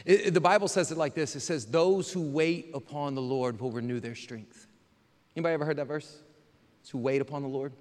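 Preaching in a casual, chatty way, this male pastor often poses rhetorical questions to his congregation. He speaks fairly quickly at a fairly high pitch, and his tone leans darkish. It was recorded in a church sanctuary, with hall reverb from the live service.

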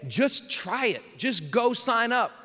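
With an extremely high pitch and a bright, forceful tone, a male pastor preaches very animatedly yet takes his time. His sermon is casual and conversational, peppered with rhetorical questions for the congregation. Hall reverb from a live church service echoes through the sanctuary.

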